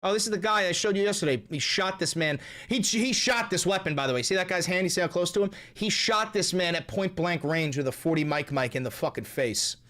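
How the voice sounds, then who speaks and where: A man's voice: high voice, a little fast, hardly any pauses, sharp tone. A man streaming live, giving sarcastic, profane commentary while reacting to posts and videos.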